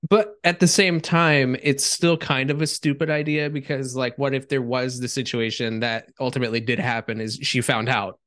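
A man's voice: medium pitch, fairly even intonation, moderate pace, few pauses, fairly bright tone. A man guest on a movie podcast, chatting in a blunt, profane, incredulous way. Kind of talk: casual movie review chat.

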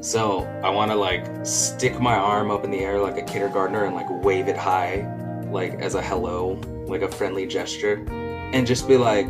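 A man's voice: sits low, steady tone, moderate pace, over music. A man playing a tabletop game who describes his actions in a playful way. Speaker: player. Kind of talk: casual tabletop play.

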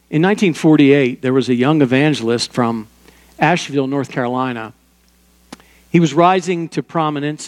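A man's voice: mid-range voice, darkish tone, in a large hall. An older man preaching a sermon as pastor, in a conversational way with personal stories and small asides.

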